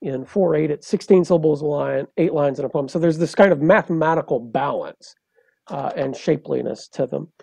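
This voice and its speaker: A man, a poet and translator, explaining in a measured, lecturing way on a podcast, with frequent hesitations. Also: fairly high pitch, creaky, darkish tone, breathy edge, dry recording.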